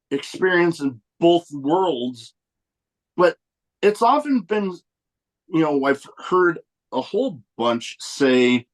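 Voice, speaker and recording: A man hosting a podcast, asking questions in a halting, unhurried way with fillers. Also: fairly high pitch, poor audio. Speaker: podcast host. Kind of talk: casual interview chat.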